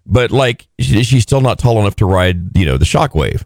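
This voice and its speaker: A radio morning show host, a man with a low voice that bounces up and down a lot as he jokes around with his co-host. He talks in a casual, playful way. The studio sound is dry and close. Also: sing-song, normal speed, gravelly, a little mellow, no room sound. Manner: joking, playful. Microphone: studio microphone.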